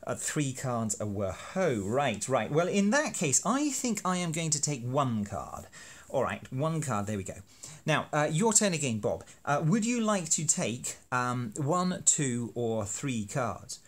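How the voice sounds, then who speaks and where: A man's voice: mid-range voice, sing-song, a little slow. A man explaining a teaching card game in a playful, self-deprecating, hammy way. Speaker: university lecturer making teaching videos. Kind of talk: educational explainer.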